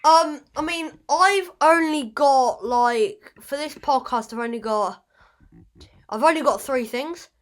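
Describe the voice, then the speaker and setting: A woman's voice: high-pitched, slow. A woman hosting a casual podcast, rambling and fumbling over her words with self-deprecating asides. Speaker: podcast host.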